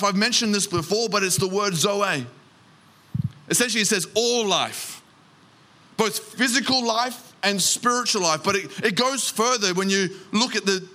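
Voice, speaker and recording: A man preaching a sermon as pastor, reading scripture and acting out the disciples' lines, slowing down to stress key phrases. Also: sits high, bright, forceful tone. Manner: reads scripture aloud and acts out the disciples' lines; emphatic, slows down on key phrases.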